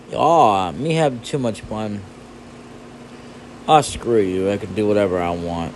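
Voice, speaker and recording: Slow, goofy rambling man. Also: on the low side, a little hiss or hum. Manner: goofy, rambling, hums nonsense tunes. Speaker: gaming channel host. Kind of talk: casual gameplay commentary.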